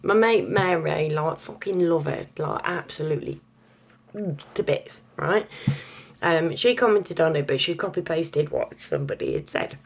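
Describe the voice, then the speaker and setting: A woman's voice: low voice, expressive, moderate pace, creaky, a little hiss or hum. An English woman in a blunt, sweary, chatty opinion rant to camera. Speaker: vlogger.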